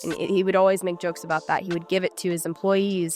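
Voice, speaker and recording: A woman's voice: on the low side, little pitch movement, fairly quick, a little mellow, soft background music. A young woman, an interview guest, recounting events casually with a hesitant manner, full of likes and restarts.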